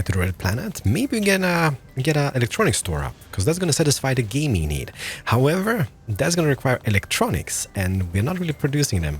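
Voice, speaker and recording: A man's voice: medium pitch, slight background noise. A man in his thirties giving playful, jokey let's-play commentary as a gaming video host, thinking aloud as he plays.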